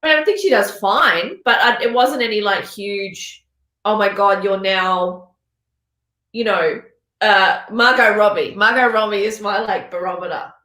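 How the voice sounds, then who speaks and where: A woman's voice: mid-range voice, animated, normal speed, bright, forceful tone. A woman hosting a casual chat show, musing aloud in a chatty way. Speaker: host. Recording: roomy echo.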